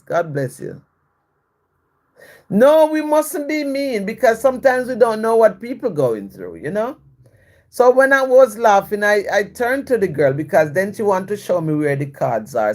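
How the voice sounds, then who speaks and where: A woman chats through a personal story on a live video. Her pitch swings freely as she talks. She often stops to bless and greet her viewers. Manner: warm blessings to viewers, repetitive and reflective. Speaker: live-stream host.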